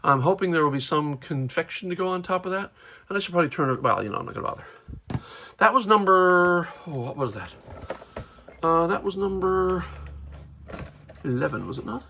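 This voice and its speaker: A man's voice: fairly high pitch, animated, quick pace, vocal fry, pushed and bright. A man giving chatty, rambling commentary while unboxing toys, often correcting himself mid-sentence. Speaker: toy reviewer.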